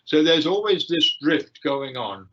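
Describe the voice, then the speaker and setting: An older man giving a lecture and answering questions, with frequent fillers, pauses and restarts. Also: on the high side, sing-song, a bit bright. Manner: hesitant, many fillers and restarts. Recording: dull lo-fi livestream audio.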